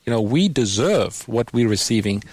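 A man's voice: medium pitch, expressive, moderate pace, darkish tone, husky, no room sound. A man hosting a radio Bible call-in program, patiently explaining scripture to a caller and quoting verses.

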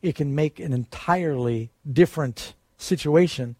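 A man's voice: a little high, moderate pace, a little mellow, no echo. A man preaching a sermon in an earnest way, lifting his voice to stress the quoted promises.

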